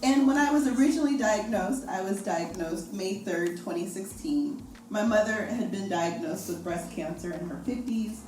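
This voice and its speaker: A woman in her forties sharing her personal testimony as a guest speaker, animated and laughing often. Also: mid-range voice, moderate pace, hardly any pauses. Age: 40s. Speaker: guest speaker, breast cancer survivor. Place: event hall. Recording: echoey hall, far from the mic, noisy.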